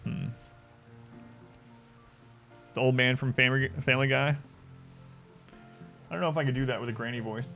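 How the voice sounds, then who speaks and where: A man's voice: medium pitch, steady tone, moderate pace, long pauses, sharp tone. A male game streamer with a mid-range voice, talking casually and wryly as he plays. He rambles, reacts to the game and answers viewers in loose, offhand commentary, with faint music underneath. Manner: rambling, wry, chatting to viewers.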